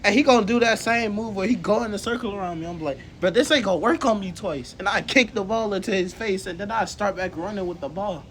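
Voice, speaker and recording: A man's voice: high-pitched, fast talker, hardly any pauses, a bit bright, a little hiss or hum. A man casually improvising a story in slangy speech. He acts out the quoted lines and laughs often. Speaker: co-host telling a fan story.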